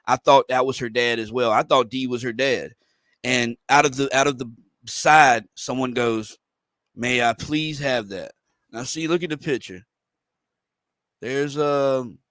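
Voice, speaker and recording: A man's voice: mid-range voice, a bit bright, no echo. A man hosting a livestream, reading a comic aloud and rambling through casual commentary for viewers. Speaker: livestream host.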